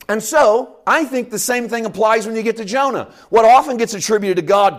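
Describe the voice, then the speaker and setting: A man preaching a sermon from Canada, animated, swinging between loud outbursts and quiet asides as he acts out quotes. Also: a little fast, few pauses. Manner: animated preaching with big swings in loudness and pitch, acting out quotes. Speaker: pastor.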